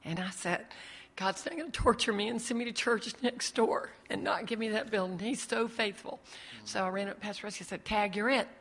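A woman's voice: medium pitch, fairly even intonation, a little fast, a bit bright. A woman telling her ministry story to an audience, acting out the voices in her dialogue. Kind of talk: testimony talk to an audience. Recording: long hall reverb.

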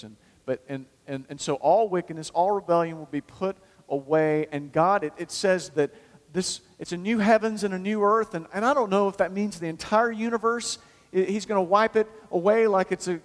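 Fervent high-voiced male pastor, reverberant hall. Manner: swings from loud fervent calls to quiet low asides. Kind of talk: sermon.

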